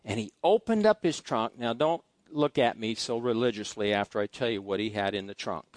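A middle-aged male pastor telling folksy personal stories during a sermon, swinging between loud asides and quiet musing. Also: fairly low pitch, a little fast, dry recording. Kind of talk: storytelling sermon. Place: church sanctuary.

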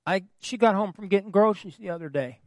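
A man's voice: sits high, fast talker, dry recording. A man preaching a sermon from the pulpit, calling for answers from the congregation, with folksy humorous asides. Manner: call-and-response with the congregation. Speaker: pastor. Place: church, at the pulpit.

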